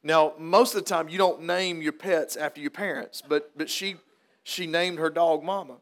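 A man's voice: a little high, fairly even intonation, normal speed, fairly bright tone. A man preaching at a funeral, telling a folksy story and then turning to earnest preaching. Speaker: pastor.

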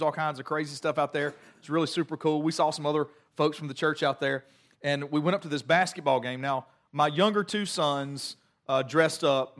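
A middle-aged male pastor preaching with a relaxed, conversational warmth of storytelling. His voice sits a little higher than most men's, and he talks in an animated, self-deprecating way. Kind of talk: sermon.

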